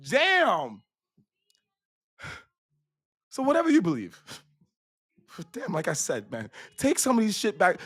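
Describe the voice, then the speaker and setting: High-voiced man ranting in stand-up. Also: dry recording, studio quality. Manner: profane, rambling, repeats himself; swings between loud bursts and hushed asides. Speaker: stand-up comedian. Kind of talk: stand-up routine.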